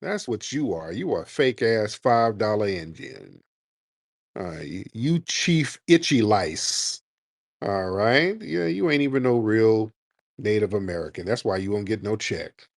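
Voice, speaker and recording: A man's voice: on the low side, expressive, normal speed, vocal fry, no room sound, studio quality. A man hosting a radio-style show with callers, mocking and combative, talking over the caller. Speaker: host taking callers. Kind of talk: heated call-in debate.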